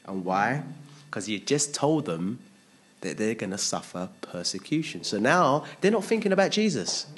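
A man preaching a sermon, animated, acting out quotes in different voices and laughing at himself. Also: lowish voice, moderate pace.

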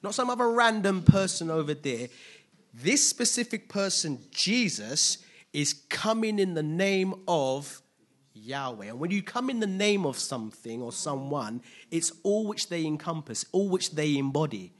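Man preacher, sermon delivery, slightly high voice, animated with rhetorical questions and loud peaks. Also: a little slow. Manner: casual asides with playful humor.

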